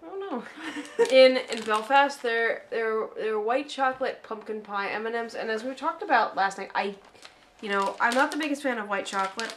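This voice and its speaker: An American woman co-hosting a relaxed chat at a mid-range pitch. She is playful and chatty, tossing off asides and laughing easily. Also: noisy background. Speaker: co-host. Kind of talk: casual chat.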